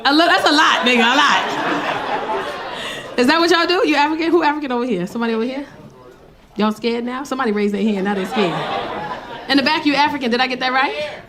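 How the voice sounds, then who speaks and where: A woman's voice: high-pitched, fast talker, long pauses. A woman doing stand-up comedy on a club stage, telling stories brashly and teasing the crowd with profanity. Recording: live club, loud crowd laughter and noise.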